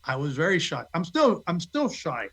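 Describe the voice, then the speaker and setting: A man's voice: a little high, huge pitch swings, normal speed, a bit bright, slightly rough, poor audio. A man, an actor guest on a podcast, talking casually and self-deprecatingly with little asides. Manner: self-deprecating, acts out quoted dialogue. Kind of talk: casual interview chat.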